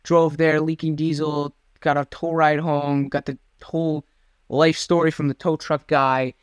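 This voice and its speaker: Smooth-voiced young man rambling casually. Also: a little high, flat delivery, measured pace, dry recording, studio quality. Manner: rambling, self-deprecating storytelling. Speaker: podcast co-host. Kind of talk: casual chat.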